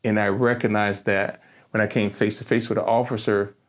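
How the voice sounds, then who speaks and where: A middle-aged man hosting a podcast interview, an animated storyteller who laughs often and repeats his words as he talks. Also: lowish voice, fairly quick. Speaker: podcast host. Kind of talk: casual interview chat.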